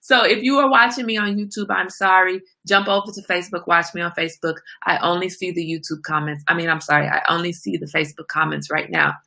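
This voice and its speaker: A woman's voice: fairly low pitch, steady tone, fast talker, creaky, few pauses, sharp tone. A woman hosting a casual livestream, chatting straight to her viewers. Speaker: livestream host.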